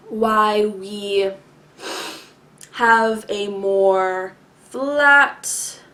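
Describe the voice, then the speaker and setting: A woman vlogger answering viewer questions in a deliberate, enunciated way, with long pauses, many filler words and some throat-clearing. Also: medium pitch, fairly bright tone. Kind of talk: casual explanatory talk to camera.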